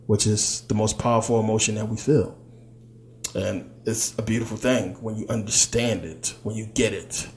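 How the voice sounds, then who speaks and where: Delivered in a low, darkish voice, this spiritual teaching talk is loose and chatty. The man fills it with fillers and now and then drops into quoted voices.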